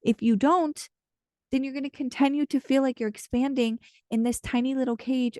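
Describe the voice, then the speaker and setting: A woman with a mellow, warm voice talks through a channeled card reading. She speaks casually and earnestly, rambling with plenty of fillers. Her voice sounds close and dry, with no room around it. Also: high-pitched, brisk, dry recording. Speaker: intuitive card reader and channeler.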